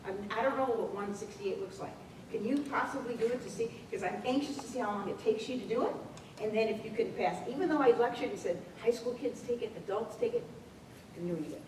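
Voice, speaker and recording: A woman's voice: fairly high pitch, quick pace. Woman telling school stories in an echoey room. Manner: animated storytelling, acts out dialogue. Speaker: school administrator presenting a program. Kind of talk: workshop presentation with anecdotes. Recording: echoey room, distant mic, faint noise.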